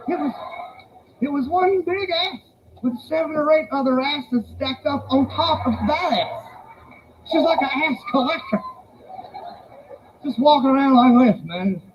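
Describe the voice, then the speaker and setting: A male stand-up comedian telling animated stories and slipping into put-on voices. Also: extremely high pitch, lo-fi sound, slight background noise.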